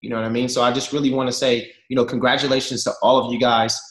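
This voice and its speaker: Speaking quickly in a mid-range voice, a man in his thirties regales his team with animated, jokey tales packed with slang, talking right to them. The video call picks up an echoey room.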